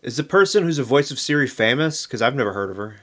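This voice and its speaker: A man's voice: medium pitch, very animated, fast talker, fairly bright tone, soft background music. A man co-hosting a podcast, talking in casual chat with sarcastic, profane, mock-outraged jabs. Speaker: podcast co-host.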